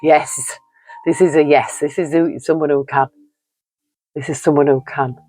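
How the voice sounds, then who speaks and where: A man's voice: on the high side, steady tone, moderate pace, warm tone, low-quality recording. Rambling man reading tarot. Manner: rambling and repetitive, leaning on "you know"; earnest and encouraging. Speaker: tarot reader.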